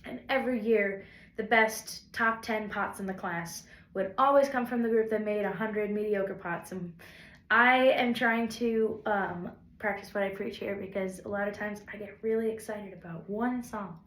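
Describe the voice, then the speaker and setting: A woman's voice: medium pitch, moderate pace, fairly bright tone, echoey room. A woman songwriter talking to camera in a casual, rambling and encouraging way, with self-deprecating asides. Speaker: songwriter vlogger. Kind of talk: casual reflective talk to camera.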